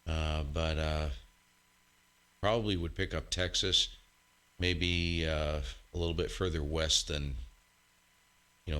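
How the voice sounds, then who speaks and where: A low-voiced man talks slowly and rambles, joking at his own expense between radio calls. His tone is bright and forward. He speaks into a desk mic in his home radio room. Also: creaky. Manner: rambling, joking, self-mocking. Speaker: ham radio operator and live stream host. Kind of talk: casual live stream chat and radio contest calls.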